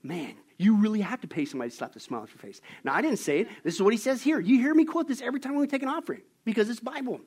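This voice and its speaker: A man preaching a sermon, emphatic and animated as he tells stories. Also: sits high, racing, few pauses, slightly rough. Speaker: pastor.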